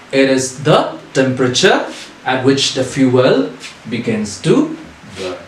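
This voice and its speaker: A man teaching a recorded lesson, asking questions and answering them himself in a deliberate way. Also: fairly high pitch, a little hiss or hum. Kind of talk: recorded online English lesson. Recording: echoey room.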